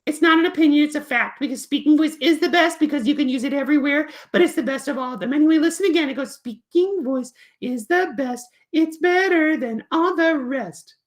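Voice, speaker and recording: A woman's voice: high-pitched, a little fast, hardly any pauses, pitched above the performer's own voice, close to an everyday voice. A woman voicing a cheerful, stubborn boy puppet who boasts and chants in a sing-song way. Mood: insistent.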